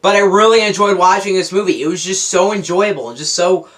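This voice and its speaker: A man's voice: high voice, fairly quick, fairly bright tone. A young man giving a casual, unscripted movie review, rambling and correcting himself as he goes. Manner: rambling, self-correcting, enthusiastic.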